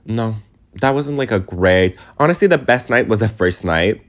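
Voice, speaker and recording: Young male vlogger, deep low register, rambling and filler-heavy, emotional and confiding delivery. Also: animated, normal speed. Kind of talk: casual storytime vlog.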